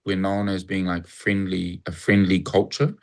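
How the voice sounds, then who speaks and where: A man's voice: low-pitched, little pitch movement, moderate pace. A man from New Zealand with a New Zealand accent, talking casually as a guest in a reflective, rambling way. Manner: rambling, reflective, acts out cheerful greetings. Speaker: interview guest. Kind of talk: casual conversation.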